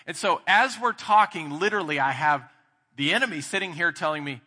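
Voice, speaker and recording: A man with a Texan accent preaching a sermon as pastor, candid and storytelling, growing animated in his anecdotes. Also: a little high, brisk, long reverb tail.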